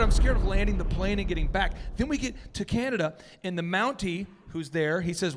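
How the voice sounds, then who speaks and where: Excitable high-voiced man telling a story. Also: fast talker, hardly any pauses, long reverb tail, music in the background. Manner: excitable, jumps between loud and hushed, acts out quotes. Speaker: business coach and host. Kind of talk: animated storytelling to a live audience.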